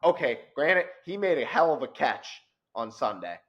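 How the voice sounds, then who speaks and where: A man co-hosting a casual sports show, talking animatedly and growing louder as he rants. His voice sits at a middling pitch. The recording sounds dull and lo-fi. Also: moderate pace. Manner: animated, gets loud and worked up. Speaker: podcast co-host.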